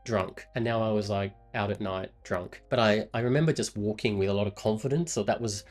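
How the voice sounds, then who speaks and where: A man's voice: fairly low pitch, a little fast, faint music behind. Australian man in his twenties, rambling. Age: 20s. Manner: rambling, with many fillers and self-corrections. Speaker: vlogger. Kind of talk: casual storytelling monologue.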